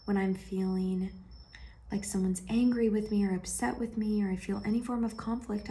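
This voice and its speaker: A woman sharing a heartfelt personal vlog, speaking gently and intimately to the viewer and often dropping into a soft whisper. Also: mid-range voice, flat delivery, moderate pace, a little hiss or hum. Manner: affectionate, speaks straight to the viewer.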